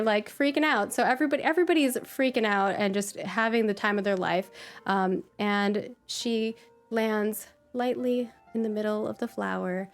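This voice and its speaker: A woman's voice: on the high side, normal speed, soft background music. A woman running a tabletop game as game master, describing the scene in a rambling, cheerful way full of ums and likes.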